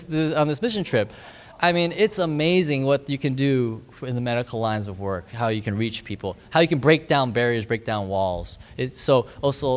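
A man telling a mission story in an animated, excitable way, laughing and acting out the people he quotes. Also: on the high side. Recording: reverberant hall.

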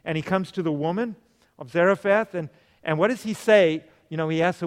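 A man's voice: high voice, fairly quick. A man preaching a sermon, questioning the congregation and acting out the voices of the people in his stories. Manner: animated, acts out quoted voices, asks the congregation questions. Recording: long hall reverb.

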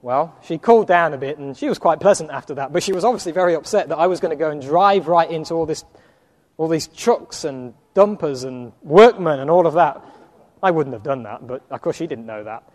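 A man preaching, telling a personal anecdote in an animated storytelling sermon with acted-out quotes. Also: a little high, fairly quick, long reverb tail.

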